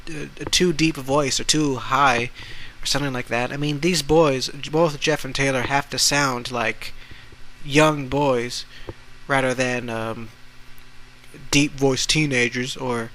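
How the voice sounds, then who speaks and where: A young man hosting a casual solo podcast, talking haltingly with many restarts. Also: medium pitch, pushed and bright, slight background noise, low-quality recording. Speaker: podcast host.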